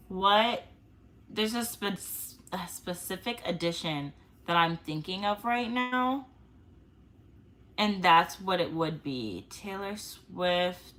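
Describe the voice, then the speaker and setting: A woman's voice: on the low side, bright, forceful tone. A young woman vlogger in casual chat, chatty and self-mocking, laughing often.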